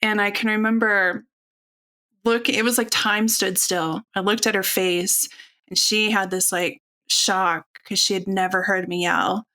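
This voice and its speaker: A woman in her forties speaking openly and earnestly as a podcast guest, telling a personal story in a relaxed, conversational way. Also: medium pitch, unhurried. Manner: open, earnest, conversational with fillers. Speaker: podcast guest, functional nutritionist.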